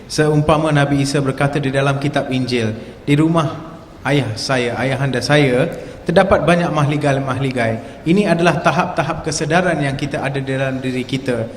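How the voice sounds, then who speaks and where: Fast-talking male interpreter in a hall. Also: fairly high pitch. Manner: fluent and rapid, with small restarts. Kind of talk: live interpretation. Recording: echoey hall with faint noise.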